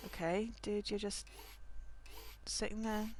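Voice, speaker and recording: A woman's voice: medium pitch, flat delivery, slow, darkish tone, slight background noise. A woman streaming a video game from home, chatting casually and making wry remarks at the screen through a desk mic. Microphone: desk mic, levels uneven.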